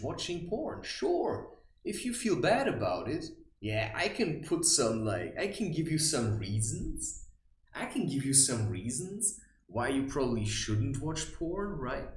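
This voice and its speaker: Animated man in an echoey room. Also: on the high side. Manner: animated, provocative, with mocking asides. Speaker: spiritual vlogger. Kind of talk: rambling spiritual monologue.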